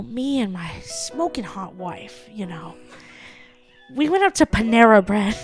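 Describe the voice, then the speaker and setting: A smug middle-aged preacher who booms out his sermon with a pompous, rolling cadence, as a woman puts him on for a comedy podcast. His voice rides fairly high for a man and lands hard on each big word. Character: smarmy middle-aged male preacher, boastful. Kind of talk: comedic pastor impression.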